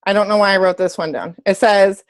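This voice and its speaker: A woman's voice: mid-range voice, fairly quick, dry recording. A woman fitness coach giving her team a casual motivational talk, bubbly and chatty, often correcting herself mid-sentence. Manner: excitable, squeals when happy.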